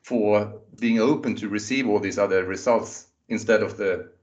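A man's voice: lowish voice, fairly even intonation, moderate pace, darkish tone, distant mic, lo-fi sound. A man hosting an interview who speaks thoughtfully and rambles a little, with frequent fillers. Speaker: interview host. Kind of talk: conversational interview.

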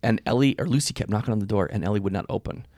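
A man's voice: on the low side, rapid-fire, mellow, no room sound, clean studio sound. A man in his thirties co-hosting a podcast, telling candid personal stories in casual chat and laughing often. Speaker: podcast co-host, husband.

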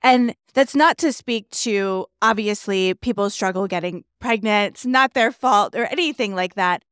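A woman's voice: mid-range voice, a little slow, a bit bright, smooth, dry recording, clean studio sound. A woman podcast co-host chatting casually and sharing a personal story. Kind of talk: casual chat.

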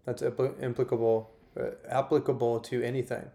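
A man's voice: medium pitch, level tone, normal speed, gravelly, mellow. Man hosting, reflective and affirming. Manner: affirming listener, reflective follow-up questions. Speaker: podcast host. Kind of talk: casual podcast conversation.

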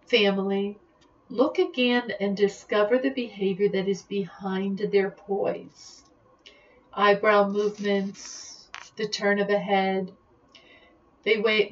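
Woman coaching on dull lo-fi podcast audio. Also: medium pitch. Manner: deliberate, instructive coaching delivery. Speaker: executive leadership coach. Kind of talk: podcast monologue.

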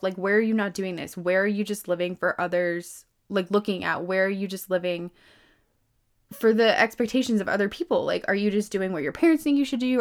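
A woman of about thirty talks straight to her listeners in a loose, unscripted self-help monologue. Her voice sits in a middle range and leaps up in bursts of emphasis, peppered with "like" and casual swearing. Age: around 30. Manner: chatty, lots of "like", swears freely, emphatic swings in pitch and loudness. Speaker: podcast host.

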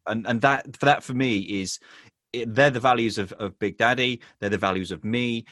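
A man's voice: medium pitch, fairly bright tone, no echo, clean studio sound. A man from England with an English accent, a business owner talking earnestly as an interview guest, often restarting his sentences. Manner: halting, many restarts and "um"s, earnest. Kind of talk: casual interview chat.

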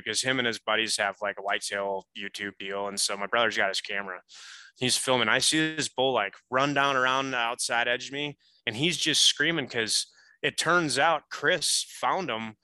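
A man telling a hunting story as a podcast guest, animated and full of casual fillers. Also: medium pitch, moderate pace, no room sound, rough recording.

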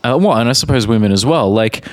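A man co-hosting a podcast, explaining a phrase slowly and thoughtfully with some hesitation. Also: medium pitch, animated. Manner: slow, thoughtful explaining with fillers. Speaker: podcast co-host. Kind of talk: casual explanatory chat.

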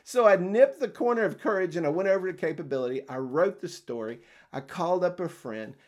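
An older man hosting a career podcast, telling a story in a casual, animated way, acting out quoted conversations and chuckling often. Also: sits high, brisk. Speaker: podcast host and career coach.

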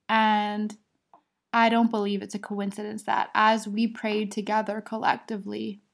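A woman's voice: a little high, gravelly. A young adult woman hosting a podcast, candidly telling her own birth story with laughs and quoted voices. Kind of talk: personal storytelling.

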